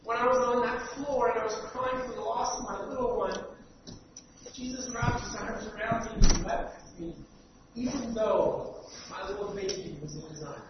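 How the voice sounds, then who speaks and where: A male preacher giving an earnest sermon, stumbling over repeated words and swinging between loud stress and near-quiet. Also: extremely high pitch, moderate pace. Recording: dull, echoey hall from far off, faint hiss.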